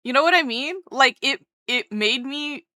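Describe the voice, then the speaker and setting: A woman's voice: high-pitched, a little slow, pushed and bright, dry recording, clean studio sound. A woman streamer chatting casually while drawing, gushing and rambling as she interrupts herself.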